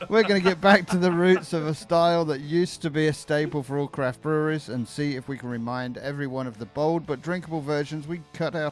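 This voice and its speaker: A man co-hosting a beer podcast, reading the show intro in an upbeat radio-style delivery. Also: fairly high pitch. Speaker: podcast co-host. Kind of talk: reading a show intro, then casual chat. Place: brewery studio.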